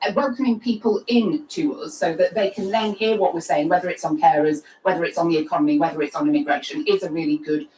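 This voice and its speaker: A woman's voice: lowish voice, fast talker, few pauses, darkish tone, a little hiss or hum. Female politician, on-message interview answers, echoey and mic at a distance. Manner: fluent, upbeat talking points. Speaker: party politician. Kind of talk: broadcast news interview. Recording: roomy, from a distance.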